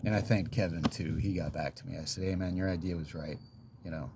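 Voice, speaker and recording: A man with a very low voice tells a personal story in a loose, rambling vlog monologue. He talks casually, with plenty of fillers and soft laughs, over a faint hum of background noise. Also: steady tone, fairly quick. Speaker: vlogger telling a story.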